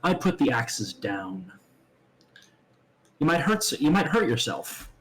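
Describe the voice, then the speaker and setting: A cocky fighting doctor who mocks his enemy with unhurried calm, as a man voices him. His voice sits a little higher and brighter than plain talk, and each line carries a smug edge. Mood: taunting.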